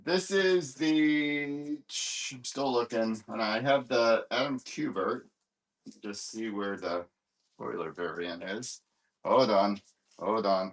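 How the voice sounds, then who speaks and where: A man hosting a live comic sale, talking loosely and off the cuff. He rambles, fills gaps with "um" and "uh", and keeps saying "hold on" while digging through his stock. His pitch sits in the middle range for a man. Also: slow pace. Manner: rambling, lots of fillers and "hold on"s while searching. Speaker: live-stream comic seller. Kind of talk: casual live-sale chat.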